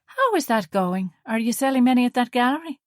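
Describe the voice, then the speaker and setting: A woman's voice: a little high, animated, fairly quick, no room sound, clean studio sound, voice pushed up, natural voice. Woman voicing a light, polite, innocent-sounding woman. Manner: light, polite, feigned nonchalance. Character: wary, friendly woman playing innocent.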